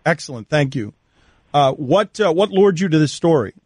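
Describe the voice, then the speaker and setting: Radio host guy, higher voice, dry studio sound, pushes his point hard. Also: expressive, moderate pace, breathy edge, dry recording. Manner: reads promos, then argues his point forcefully. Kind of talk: radio talk and interviewing.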